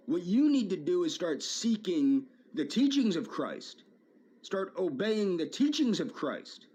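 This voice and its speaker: Aggrieved man ranting, pitch swinging widely. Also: big pitch swings, a little slow, dark tone, husky. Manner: aggrieved, repeats his phrases. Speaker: video maker addressing a former friend. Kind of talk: emotional video rant.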